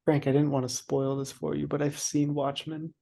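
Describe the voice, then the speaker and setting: A young man co-hosting a casual movie podcast, teasing his co-host in a dry deadpan. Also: a little high, moderate pace, creaky. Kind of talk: casual chat about movies.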